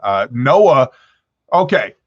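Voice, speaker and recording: A man hosting a livestream, telling an animated story and laughing often as he acts out the other people's voices. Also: medium pitch, extremely slow. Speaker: prepper channel host. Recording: dull lo-fi livestream audio.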